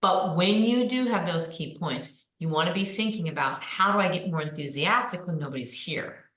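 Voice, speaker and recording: A woman coaches presenters in an energetic, emphatic way, leaning hard on her keywords. Her voice sits a little low for a woman. The sound is roomy, with a clear echo around her. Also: moderate pace. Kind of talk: online presenting lesson. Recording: echoey room.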